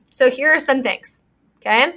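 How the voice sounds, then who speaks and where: A young woman hosting a casual motivational talk. Her voice is bright and sits a bit high for a woman. She speaks in a chatty, filler-heavy way and circles back to repeat her main points. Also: expressive, slow, slightly rough. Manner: chatty, many fillers, repeats key phrases.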